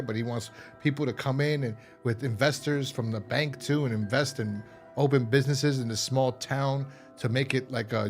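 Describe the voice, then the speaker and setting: A man hosting a casual film review, rambling through a plot recap with many restarts and quick imitations of characters. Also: medium pitch. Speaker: host.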